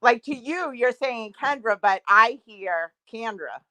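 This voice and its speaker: A woman's voice: a little high, lively intonation, slow pace, sharp tone, no echo. A woman chatting casually as a guest, teasing and laughing easily. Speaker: guest on a chat stream. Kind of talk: casual chat.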